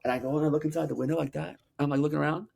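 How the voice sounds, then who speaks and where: A man guest on a podcast, telling energetic stories with loose swearing and many "like"s. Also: fairly high pitch, vocal fry, breathy edge. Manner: energetic, acts out quotes, talks fast with many "like"s. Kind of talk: animated storytelling, casual swearing.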